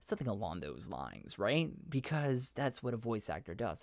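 A man's voice: mid-range voice, sing-song, unhurried, few pauses, no echo, clean studio sound. A man hosting his own podcast, talking earnestly and rambling as he corrects himself mid-sentence. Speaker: podcast host and voiceover artist. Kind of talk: casual solo podcast monologue.

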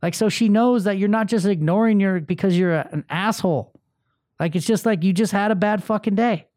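A man's voice: high voice, a little fast, a little mellow, dry recording, clean studio sound. Blunt, profane man venting on his podcast. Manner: blunt, profane, emotionally open. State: angry, having a bad day. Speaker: podcast host. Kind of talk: solo motivational podcast monologue.

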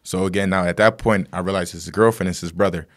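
A man's voice: low-pitched, steady tone, fast talker. A man talking as a guest, telling a story in a rambling casual way with lots of fillers and tag questions.

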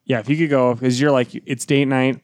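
A man's voice: medium pitch, flat delivery, a little fast, a little mellow, no room sound, clean studio sound. Teasing podcast co-host man. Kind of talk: casual chat.

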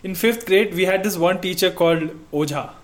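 High-voiced young man telling stories. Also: a little fast. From India. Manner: animated storyteller, laughs while telling stories. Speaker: podcast co-host. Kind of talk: casual chat.

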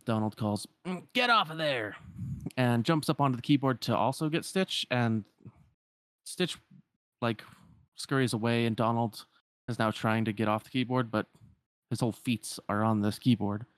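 A man's voice: mid-range voice, steady tone, moderate pace, smooth, dry recording. Casual man retelling a story. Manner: casual, frequent "like" fillers.

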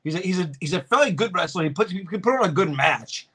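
A young man co-hosting a casual podcast, swearing freely and joking through quick banter. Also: sits high, lively intonation, a bit bright, husky. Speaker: podcast co-host. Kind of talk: casual wrestling chat.

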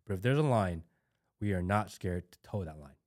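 A man with a low voice speaking as a guest on a relaxed podcast. He talks bluntly and with conviction, driving his points home by repeating key words. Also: normal speed. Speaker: podcast guest, father of an infant. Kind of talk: casual podcast conversation.

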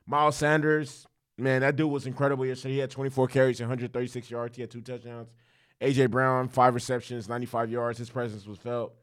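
A man's voice: medium pitch, little pitch movement, fast. A young man giving a casual football recap that turns into a heated, profane rant, with many restarts and fillers. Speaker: sports commentator, football fan.

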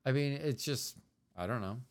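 A man's voice: medium pitch, expressive, normal speed. A man from the United States co-hosting a casual podcast with his partner, rambling and trailing off as he talks. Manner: rambling, meandering, trails off often. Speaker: podcast co-host. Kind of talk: casual chat.

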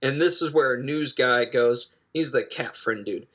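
A man casually recapping a film he watched, rambling and joking with quick asides and self-corrections. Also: medium pitch, a bit bright. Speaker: film reviewer.

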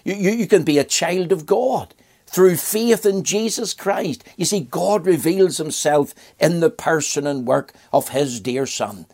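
A man's voice: on the high side, animated, unhurried, a little mellow. An older man from Ireland preaching a sermon in an earnest voice, asking rhetorical questions and repeating phrases.

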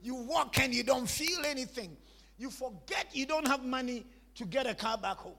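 A man's voice: very high voice, animated, normal speed, bright, forceful tone, in a large hall. A man preaching a sermon, emphatic and repetitive, calling on the congregation to repeat after him.

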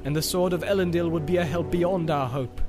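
A man's voice: a little high, brisk, music in the background, voice pushed up, close to an everyday voice. A man voicing a proud, doubtful human warrior in a read-aloud story. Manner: proud, emphatic.

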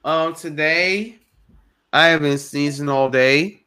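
A man's voice: a little high, slow pace, bright, forceful tone, clear, resonant tone. A man hosting a podcast, talking in a laid-back way and joking at his own expense. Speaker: podcast host. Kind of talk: casual podcast chat.

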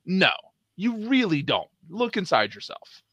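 A man's voice: high voice, very animated, unhurried, a bit bright, breathy edge, dry recording. A man co-hosting a sports talk show, arguing his case with emphatic rhetorical questions and punchy commands. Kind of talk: opinionated sports debate.

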